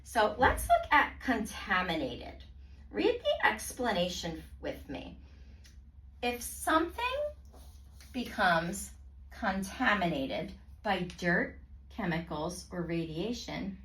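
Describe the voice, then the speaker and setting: A woman tutoring a student in reading, praising often and sounding out words slowly in parts. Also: mid-range voice, big pitch swings, a bit bright. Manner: slow, clearly segmented word pronunciation. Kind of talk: one-on-one reading lesson. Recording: roomy sound from a distance.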